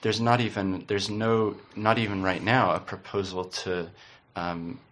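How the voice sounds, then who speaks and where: A man's voice: fairly low pitch, little pitch movement, unhurried, fairly bright tone. A man in casual conversation, speaking thoughtfully and searching for words.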